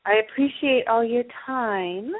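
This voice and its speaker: An agreeable woman from Southern California, calling in to a radio show. She speaks softly in short replies. Her voice comes through a tinny phone line. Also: a little high, unhurried. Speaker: caller. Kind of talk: phone-in conversation.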